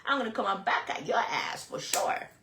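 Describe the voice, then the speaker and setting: Brash, bright-voiced woman chatting loudly. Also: medium pitch, expressive, normal speed, roomy sound, slight background noise. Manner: loud, laughing, blunt and profane. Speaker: co-host. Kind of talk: casual chat.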